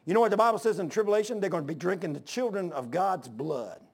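A man preaching a sermon, swinging between loud exhortation and low hushed asides. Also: expressive, fast, creaky, breathy edge. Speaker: pastor.

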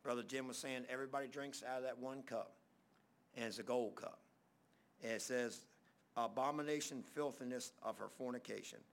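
A man preaching a sermon, telling stories in a rambling way that speeds up in bursts and drops soft at the ends of phrases. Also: mid-range voice, steady tone, moderate pace, gravelly.

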